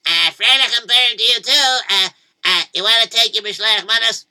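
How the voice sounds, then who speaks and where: A man's voice: high voice, moderate pace, sharp tone, smooth, voice pushed up, heavily acted. A man voicing a timid little boy who stammers and hesitates as he speaks. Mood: nervous.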